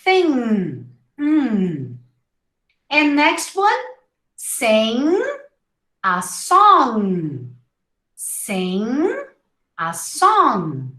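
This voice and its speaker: A woman teaching English pronunciation in a live online class, slowly modeling each word and repeating it. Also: a little high, huge pitch swings, pushed and bright, reverberant, rough recording. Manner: slow, drawn-out modeling of words with repetition.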